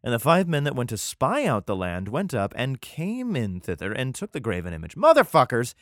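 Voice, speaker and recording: A man's voice: mid-range voice, huge pitch swings, a little fast, no room sound, studio quality. A man reading scripture aloud and breaking in with irreverent, sarcastic, profane comedic remarks.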